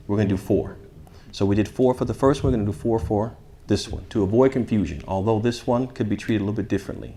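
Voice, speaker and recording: A man leading a tajweed class, explaining rules, asking his students questions and reciting Arabic phrases slowly for them to repeat. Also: lowish voice, dark tone. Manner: asks the class questions then answers them. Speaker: shaykh teaching tajweed. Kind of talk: interactive classroom lesson.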